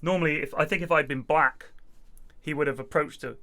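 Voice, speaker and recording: A young English man telling a story casually to friends, with lively voices put on for the people he quotes. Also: on the high side, a little fast. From England. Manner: animated, acts out voices and sirens in his stories. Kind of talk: casual anecdote with mimicry.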